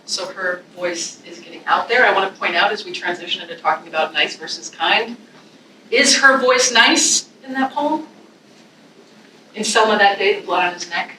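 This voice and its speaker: A woman teaching a college English class, talking in expressive, emotional asides with the odd filler. Her voice has a bright edge. She is picked up from across an echoey lecture room. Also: mid-range voice, moderate pace, distant mic, a little hiss or hum. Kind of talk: classroom presentation with poetry reading.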